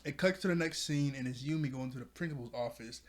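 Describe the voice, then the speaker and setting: A man's voice: medium pitch, quick pace. A man reviewing a cartoon episode in a casual, rambling video chat, laughing often as he talks.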